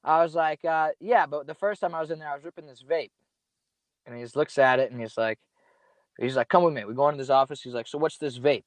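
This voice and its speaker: A man's voice: fairly high pitch, quick pace, no echo. Young man telling a rambling, profane story. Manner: profane, rambling, laid-back slang. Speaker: podcast guest storyteller. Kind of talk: casual storytelling chat.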